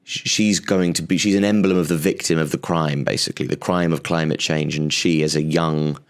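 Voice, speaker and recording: A man's voice: rumbling low, fairly even intonation, brisk. A male comedian hosting his own show, delivering an exasperated, sarcastic rant with frequent stammering restarts. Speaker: comedian host. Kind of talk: comic rant monologue.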